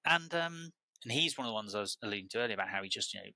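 Bright, animated British man telling stories. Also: on the low side, racing, no echo, rough recording. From United Kingdom. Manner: rambling and animated, with many restarts and repeated words. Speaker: truffle grower, podcast guest. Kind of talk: casual conversational storytelling.

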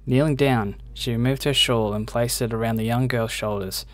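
A man reading a game's story text aloud with a steady storytelling delivery. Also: mid-range voice, normal speed, no echo. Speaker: reader of game story text.

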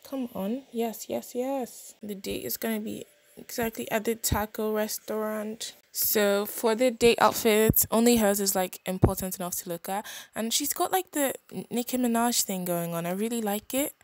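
A young woman casually narrating a life-sim game, chatty and expressive with quick reactions. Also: mid-range voice. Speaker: gaming channel host.

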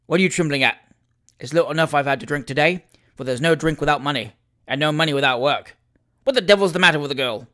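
A man voicing a gruff, harsh drunken old father who snaps out his lines. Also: mid-range voice, fairly quick, sharp tone, close to an everyday voice. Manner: gruff, snapping.

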